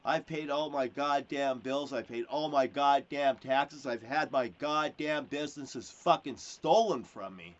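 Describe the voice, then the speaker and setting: A man's voice: mid-range voice, unhurried, hardly any pauses. A man delivering a rambling, aggrieved monologue as a self-proclaimed prophet, swearing constantly and jumping between topics. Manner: aggrieved and insistent. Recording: dull lo-fi recording with faint hiss.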